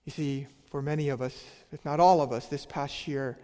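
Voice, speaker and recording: A man preaching a sermon as pastor, emphatic, with a voice that drops to a soft near-whisper on key words. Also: mid-range voice, steady tone, normal speed, big-room sound.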